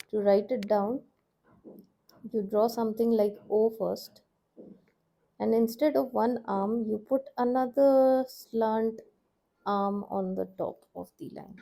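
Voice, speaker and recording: Slow, patient woman teaching letters. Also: on the high side, dark tone. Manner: patient, repeats each sound several times. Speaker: language teacher. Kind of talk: slow step-by-step lesson.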